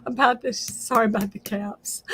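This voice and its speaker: A woman's voice: sits high, bright, forceful tone, slight background noise. A middle-aged woman hosting a casual craft livestream, chatting straight to viewers and laughing often.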